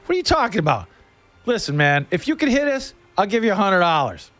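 A big brash fisherman on a boat taunts with a raised, mocking voice, as a man acts him out. His pitch climbs high and bounces around. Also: big pitch swings, a little fast, fairly bright tone, faint music behind. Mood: taunting.

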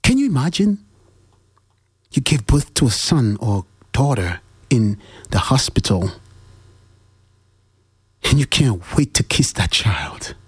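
A man with a husky, slightly breathy voice delivers a heartfelt motivational monologue. He talks in a preachy way, repeating his questions and pushing his pitch up to stress them. The sound is dry and close, with almost no room in it. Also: very animated, slow pace, pauses often, dry recording.

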